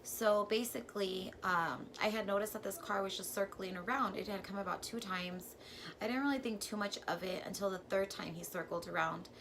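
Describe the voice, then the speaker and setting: A woman vlogger telling a personal story in a casual, chatty way, full of "like" and with sudden jumps from quiet to loud. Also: medium pitch, a little fast, background noise. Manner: chatty and filler-heavy, says "like" constantly; animated, with sudden swings from hushed to loud.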